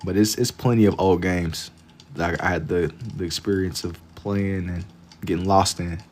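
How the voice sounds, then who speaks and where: A man's voice: sits low, fairly even intonation, normal speed, darkish tone. A young man chatting casually with his live-stream chat while he draws, laid-back and slangy, often repeating a phrase while he thinks. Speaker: livestreamer drawing for chat.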